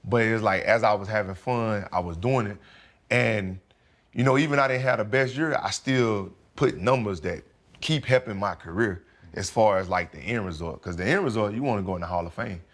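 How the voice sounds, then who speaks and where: A man's voice: lowish voice, normal speed, a bit bright. A young man, speaking candidly and casually as a football player guest in an interview, full of slang and "you know".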